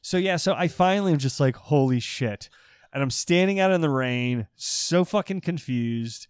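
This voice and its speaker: A man co-hosting a comedy podcast, telling a story in a casual, animated way, laughing and swearing as he goes. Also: on the high side, normal speed, clear, resonant tone, no echo, studio quality. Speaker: podcast co-host.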